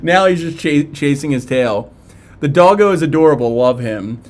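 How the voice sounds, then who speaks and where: A man's voice: fairly high pitch, expressive, normal speed, a little mellow. A man with a Philadelphia accent hosting a casual live stream, chatting and reading viewer comments aloud with plenty of fillers.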